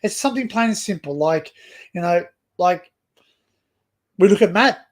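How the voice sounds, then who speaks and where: A young Australian man with a notably high voice hosts a relaxed livestream. He wanders through his thoughts, repeating words and restarting sentences as he chats with viewers and a guest. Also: moderate pace. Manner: rambling, stop-start with many restarts. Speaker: livestream host. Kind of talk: casual livestream chat.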